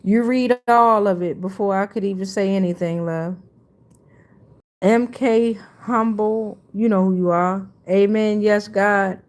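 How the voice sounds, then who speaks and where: Slow, laid-back woman astrology reader. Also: mid-range voice, steady tone, darkish tone. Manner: laid-back, slangy, reads viewer comments aloud. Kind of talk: casual livestream chat.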